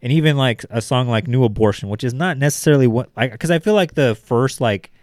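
A man's voice: mid-range voice, quick pace, a little mellow, dry recording, clean studio sound. A man in a casual music discussion who rambles, swears freely and fills his talk with "like".

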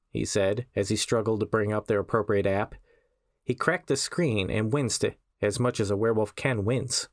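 A man, the host of a podcast, reading a short story aloud in a measured, wry storytelling voice. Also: lowish voice, dry recording, studio quality. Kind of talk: scripted story narration.

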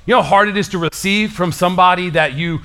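A male pastor delivers a sermon in a lively, conversational way, full of casual slang. His voice sits a little on the high side for a man. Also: fast talker, clean tone.

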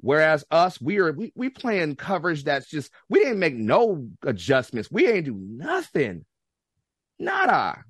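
American man, casual podcast guest, lively voice that rambles and restarts, dry close sound. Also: a little high, normal speed, hardly any pauses, breathy edge, dry recording. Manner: animated, rambling, with many restarts and slangy outbursts. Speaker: guest football fan.

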